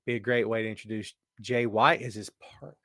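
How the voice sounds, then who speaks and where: A man hosting a live wrestling podcast, chatting casually and reading out viewer comments in an animated way. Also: fairly low pitch, a little fast, no echo, clean studio sound. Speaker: podcast host. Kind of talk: live-chat wrestling talk.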